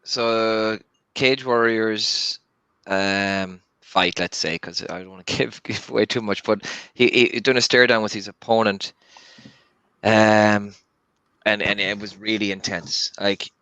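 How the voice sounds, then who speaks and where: Guy on a video call, low but bright voice, keeps restarting, earnest. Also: fairly even intonation, smooth, no echo. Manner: halting, full of restarts and fillers, earnest. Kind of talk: casual chat.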